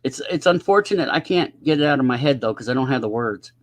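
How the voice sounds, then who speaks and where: A man's voice: medium pitch, expressive, fast talker, no room sound. A man hosting a livestream, chatting casually in a rambling, profane way. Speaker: livestream host.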